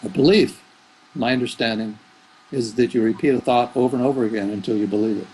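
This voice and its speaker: A man's voice: medium pitch, fast, darkish tone, a little hiss or hum, rough recording. A man who is a spiritual teacher, giving rambling, thoughtful answers in an interview. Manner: rambling, thoughtful, with fillers and restarts.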